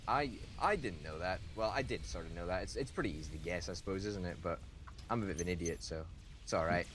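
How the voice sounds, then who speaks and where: Lowish-voiced guy rambling about his game, pokes fun at himself, hiss in the background. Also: quick pace, a bit bright. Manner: chatty, self-mocking, jumpy pitch. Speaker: game commentator. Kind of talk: casual gameplay commentary.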